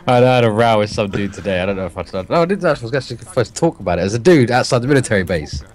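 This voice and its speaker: A British man co-hosting a gaming podcast, telling stories in a lively, swear-heavy way. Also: fairly low pitch, rapid-fire. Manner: animated, swears a lot, storytelling. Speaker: podcast co-host. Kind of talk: casual gaming chat.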